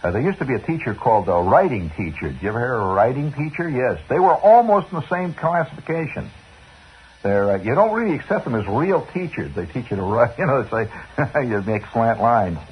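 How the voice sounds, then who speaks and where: A man's voice: mid-range voice, very animated, a little fast. Man spinning a rambling radio yarn. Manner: chatty, digressive, chuckling asides. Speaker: radio host. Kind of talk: rambling storytelling monologue. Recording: dull old radio broadcast with faint hiss.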